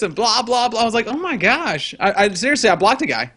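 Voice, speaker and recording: High-pitched guy telling stories on a podcast, giggly. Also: lively intonation, a little fast, few pauses, pushed and bright. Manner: storytelling, giggly. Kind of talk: casual group podcast chat.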